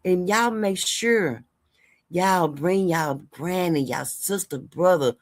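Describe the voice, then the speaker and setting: A woman's voice: fairly low pitch, slow. A woman hosting her channel in a casual vlog monologue, chatty and rambling as she talks straight to her viewers and hands out heartfelt life advice. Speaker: host of a gossip and news channel.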